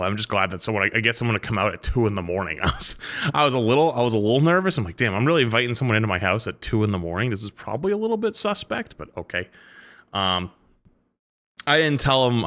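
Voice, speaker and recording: Casting: male streamer, bright forceful tone, rambling casual chat, casual swearing. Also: on the low side.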